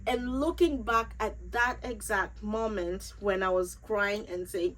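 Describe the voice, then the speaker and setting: Young woman vlogger, grieving, earnest storyteller, repeats herself for emphasis, medium pitch. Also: takes it slowly, fairly bright tone, rough recording. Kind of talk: personal storytelling to camera.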